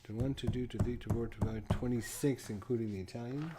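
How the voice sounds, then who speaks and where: A man's voice: medium pitch, fairly even intonation, a little fast, very noisy. A man unboxing a board game, casually thinking aloud to himself and counting pieces under his breath.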